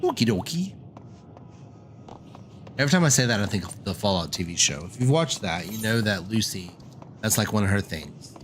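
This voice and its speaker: A man's voice: on the low side, animated, fast talker, fairly bright tone, a little hiss or hum. A man streaming a game, giving casual gameplay commentary with chatty, self-deprecating asides.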